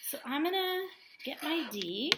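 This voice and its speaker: Sing-song teacher woman, slow and lively. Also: high-pitched, roomy sound. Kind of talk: remote writing lesson for young children.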